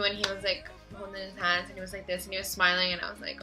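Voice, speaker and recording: A teenage girl telling a story in a casual vlog, gushing and excitable and talking fast. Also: medium pitch, faint music behind, poor audio. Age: teens. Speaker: vlogger.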